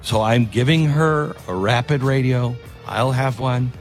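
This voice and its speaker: A man's voice: mid-range voice, unhurried, soft background music. Rambling male talk radio host. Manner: rambling, conversational, self-interrupting. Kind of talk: political talk radio monologue with ad read.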